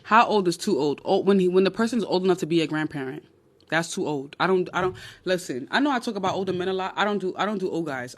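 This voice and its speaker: Blunt, animated woman with a New York accent. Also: fairly low pitch. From Nigerian, raised in New York. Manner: blunt, animated, crude humor. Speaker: dating advice livestream host. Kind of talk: casual livestream chat. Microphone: phone.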